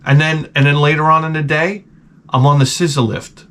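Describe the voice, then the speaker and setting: A man telling a rambling, profane comic story with deadpan asides, as a vlogger. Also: on the high side, moderate pace.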